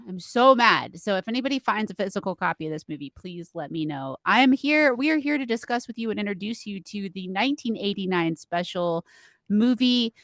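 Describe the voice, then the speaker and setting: A woman co-hosting a horror movie podcast in casual chat, swearing freely, quick to apologize and laugh at herself. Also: mid-range voice, no room sound. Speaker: podcast co-host.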